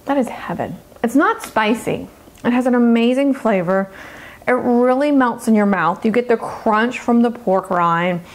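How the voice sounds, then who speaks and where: A woman's voice: a little high, measured pace. Gushing, bubbly woman host. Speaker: dietitian cooking show host. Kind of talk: cooking demonstration.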